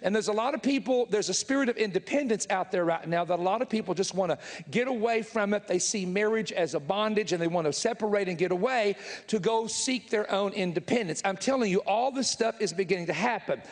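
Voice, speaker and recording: A man with a Southern US drawl preaches to a live congregation, his voice sitting notably high. He talks bluntly and folksily, throwing emphatic asides at the crowd. The sound carries a long, echoing hall reverb. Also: a little fast, hardly any pauses. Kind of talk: sermon. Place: large church hall with live audience.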